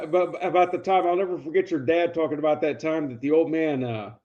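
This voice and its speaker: Animated, foul-mouthed male storyteller. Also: fairly high pitch, fairly quick. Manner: animated, profane storyteller, acts out dialogue. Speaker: podcast co-host. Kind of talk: casual storytelling chat.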